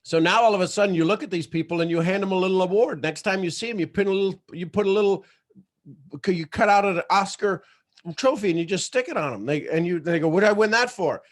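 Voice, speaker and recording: A man hosting a motivational livestream, talking in an emphatic, animated storytelling way. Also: high voice, fast. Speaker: motivational show host.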